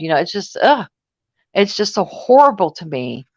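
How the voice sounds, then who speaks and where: A woman in a casual chat, emotional and rambling in quick asides. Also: mid-range voice, big pitch swings, dull audio.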